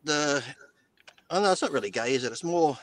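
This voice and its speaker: A man on a live-streamed talk show who tells crude jokes in a drawn-out storytelling way. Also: fairly high pitch, animated, a bit bright, no echo. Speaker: co-host telling jokes. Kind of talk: casual joke-telling banter.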